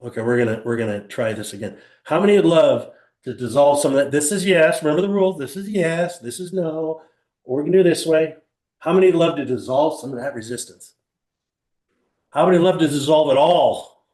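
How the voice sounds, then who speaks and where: Fairly quick and on the high side, an older man's voice fills an echoey small room during his live motivational seminar. He spins lively stories, questions his listeners, uses rhetorical questions, and acts out the people he describes.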